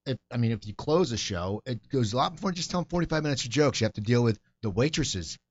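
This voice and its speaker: A man hosting an interview talks quickly, circling back and restarting his questions. The sound is dry and close, with a dull, lo-fi tone. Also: mid-range voice, lively intonation, no echo. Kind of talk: casual interview.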